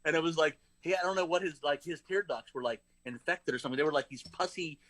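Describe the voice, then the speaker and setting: Fast-talking man telling a rambling story. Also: fairly high pitch, fairly bright tone, no echo. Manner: rambling storyteller with many fillers. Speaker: podcast co-host. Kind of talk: casual chat.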